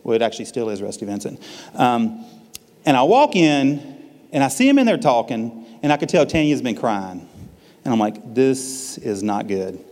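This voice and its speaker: A man's voice: mid-range voice, big pitch swings, moderate pace, a little mellow, big-room sound. A man giving a personal testimony at church, telling a story in a folksy, self-deprecating way.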